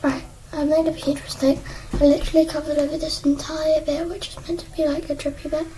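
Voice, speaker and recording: A woman's voice: high-pitched, level tone, a little fast, warm tone, slight background noise, poor audio. A young woman chatting casually while painting a craft at her desk, rambling and joking at herself, now and then dropping to a whisper, filmed on an iPad. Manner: rambling, self-mocking, drifts into whispers. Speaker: crafting vlogger. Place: indoors at a desk. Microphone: iPad propped on a stool.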